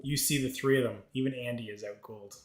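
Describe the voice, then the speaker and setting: A man's voice: mid-range voice, fairly even intonation, brisk, a little hiss or hum. Man narrating as game master, echoey room.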